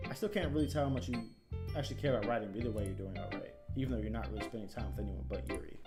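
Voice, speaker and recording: A man's voice: fairly low pitch, echoey room, close to an everyday voice. Man reading prickly blunt teen girl, matter-of-fact, game music behind. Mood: bossy.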